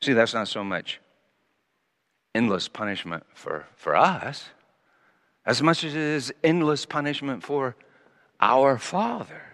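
High, lively male preacher in a hall. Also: vocal fry. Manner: animated, swinging from loud emphasis to quiet asides. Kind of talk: sermon with Bible teaching. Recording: long reverb of a large hall.

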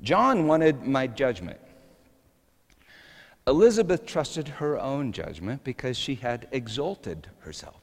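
A middle-aged male pastor telling a story in a sermon, building up to shouts. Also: medium pitch, long reverb tail.

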